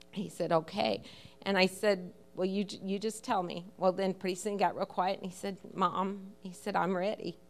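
A woman's voice: medium pitch, fairly bright tone. A middle-aged woman telling a personal testimony at church, storytelling with feeling and quoting the people she speaks of. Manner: emotional storytelling, quotes others in dialogue. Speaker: church member giving a testimony.

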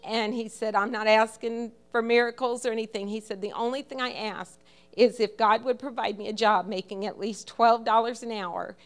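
A woman's voice: a little high, fairly even intonation, moderate pace, clear, resonant tone. A middle-aged woman telling a personal testimony at church, storytelling with feeling and quoting the people she speaks of. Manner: emotional storytelling, quotes others in dialogue. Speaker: church member giving a testimony.

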